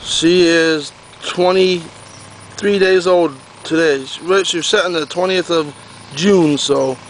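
A pumpkin grower with a slightly high voice gives a casual, meandering outdoor tour of his garden, talking to a handheld camera while he walks and going over the same points again. The audio is poor and carries a faint hiss or hum.

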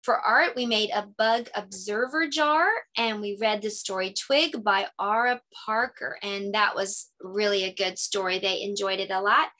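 A woman teacher talking casually through her lesson ideas. She explains things chattily and sounds out words slowly when she demonstrates them. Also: mid-range voice, bright, forceful tone. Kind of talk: casual lesson-idea walkthrough.

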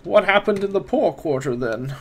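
A man's voice: high-pitched, lively intonation, normal speed, fairly bright tone, voice pushed up, heavily acted. A man voicing a scholarly, courteous older wizard who speaks in formal, old-fashioned phrases. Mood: grave.

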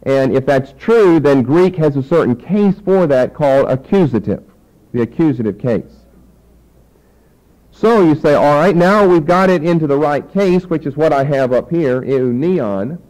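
A man's voice: on the high side, animated, moderate pace, darkish tone, low-quality recording. A man teaching a Bible lesson, explaining points emphatically and spelling out words letter by letter.

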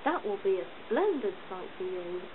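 A big male steam engine who boasts and grumbles, repeating his complaints, as a woman puts him on. The storybook voice jumps lively in pitch, heard over a thin phone-like line with heavy noise behind. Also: moderate pace, natural voice. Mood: boastful.

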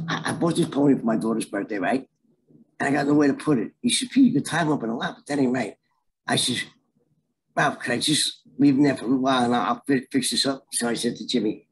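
On a rough recording with a little hiss or hum, a middle-aged man speaks at medium pitch. He's the storyteller guest, telling his story in an animated, casual, streetwise way and voicing the characters himself.

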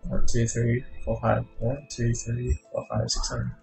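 A man's voice: medium pitch, completely flat delivery, measured pace, gravelly, darkish tone, poor audio. A man streaming his game programming, thinking aloud and muttering to himself as he types code. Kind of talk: live coding narration. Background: music and keyboard typing.

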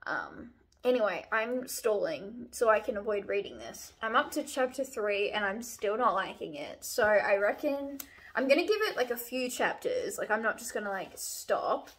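On her own channel, a young woman gives a casual book review chat, relaxed and chatty, rambling through what she's reading with plenty of fillers and restarts. She has a mid-range voice and a moderate pace.

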